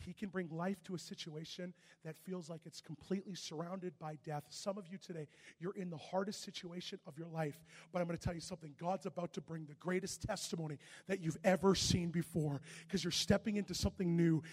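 High, husky-voiced male preacher in a reverberant hall. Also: brisk. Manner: animated storytelling, shouting at peaks. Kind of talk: sermon. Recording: echoey hall with long reverb.

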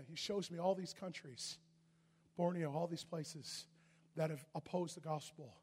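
A man preaching a sermon, telling a story animatedly and often shouting, with a husky voice. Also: a little high, a little slow, in a large hall.

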